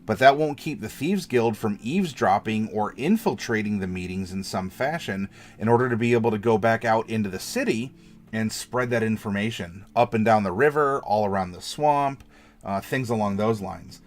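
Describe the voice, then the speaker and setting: A man's voice: lowish voice, normal speed. A man hosting a casual tabletop game worldbuilding chat, talking loosely with many fillers and restarts. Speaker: game master and show host.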